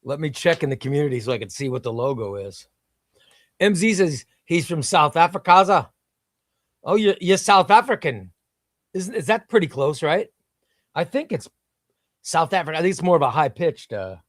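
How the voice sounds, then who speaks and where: A man's voice: on the high side, lively intonation, normal speed, no echo, studio quality. A man hosting a casual comics livestream, reading viewer comments in an enthusiastic, rambling way.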